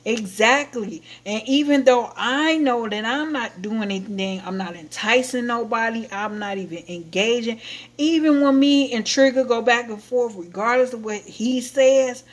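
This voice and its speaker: A woman hosting her own livestream, chatting casually and telling a rambling, animated story to her viewers. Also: fairly high pitch, normal speed. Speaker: livestream host.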